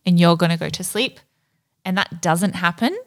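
A woman co-hosting a podcast in casual chat, relaxed and frank when she gives advice. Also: lowish voice, moderate pace. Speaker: podcast co-host.

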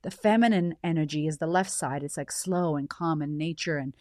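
A woman's voice: low-pitched, brisk, a little mellow, dry recording, studio quality. A woman hosting her own show, telling a personal story in a raw, emotional way with plenty of swearing. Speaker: podcast host.

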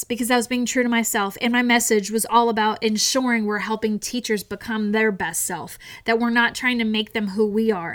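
A woman hosting a solo podcast, reflecting in a chatty, animated way and acting out the dialogue she quotes. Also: a little high. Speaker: podcast host, instructional coach.

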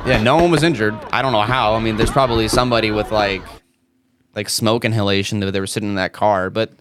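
A man's voice: fairly low pitch, fairly even intonation, fast, background noise. A man co-hosting a podcast, chatting casually and rambling with lots of fillers. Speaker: podcast co-host. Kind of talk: casual chat.

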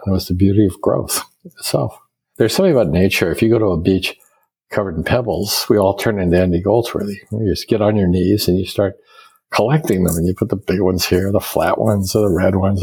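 A man's voice: low voice, breathy edge, rough recording. An older American man, an architect, telling stories and explaining ideas in a reflective interview. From United States. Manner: reflective, storytelling, quotes others in lively voices. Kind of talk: conversational interview.

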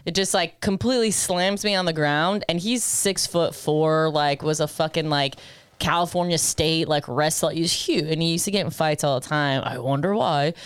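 A woman's voice: low-pitched, normal speed, clean tone, no echo. A woman co-hosting a podcast, telling a story in casual chat, laughing often, swearing freely and acting out the lines she once said. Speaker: podcast co-host.

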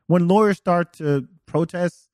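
A man from France with a French accent, hosting a podcast and telling animated stories in casual chat, swearing freely. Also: high voice, measured pace, no room sound, studio quality. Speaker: podcast host.

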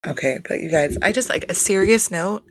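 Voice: medium pitch, expressive, a little fast, no echo. A host giving a casual, profane solo recap of a reality show, talking straight to listeners and using lots of "like" as filler. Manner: chatty, profane, frequent filler "like"; addresses listeners directly.

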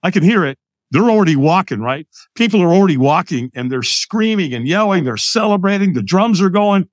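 An older American man, a podcast guest, telling a personal story in an animated way and acting out the lines of other people. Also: sits high, a little fast, no echo, clean studio sound. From United States.

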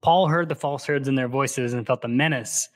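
A man co-hosting a book podcast, casually retelling and reading passages aloud, slipping into quick character quotes. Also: medium pitch, dry recording.

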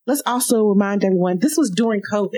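A woman co-hosting a podcast, talking in an animated, outspoken way and laughing often. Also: mid-range voice, quick pace, low-quality recording. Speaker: podcast co-host. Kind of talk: casual podcast chat.

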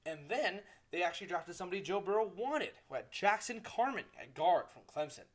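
A man's voice: high-pitched, expressive, a little fast. A young man hosting his own casual sports podcast, rambling, correcting himself and swearing freely. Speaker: solo podcast host.

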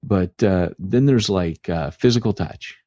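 Low husky guy rambling on a podcast, folksy, lots of ums, muffled lo-fi sound. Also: measured pace, mellow, no room sound. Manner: rambling, folksy, frequent filler words. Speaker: podcast co-host. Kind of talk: casual podcast chat. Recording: dull lo-fi podcast audio.

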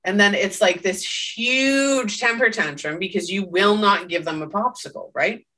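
Woman co-host, bright and emphatic, casual podcast talk, recorded a bit off-mic. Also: mid-range voice, normal speed, far from the mic. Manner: emphatic, tags statements with "right?".

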